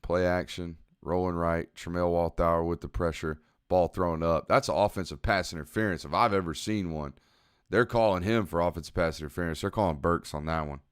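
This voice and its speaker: A young man, giving relaxed, analytical commentary on a football game as he watches and answers chat on a live stream. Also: deep voice, a little fast, clear, resonant tone, no echo, clean studio sound.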